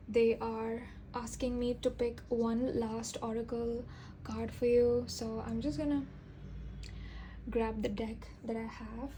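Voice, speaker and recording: A woman giving an intuitive tarot reading, speaking gently and earnestly with a reassuring, soft-spoken manner and frequent fillers. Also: a little high, slight background noise. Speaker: tarot reader.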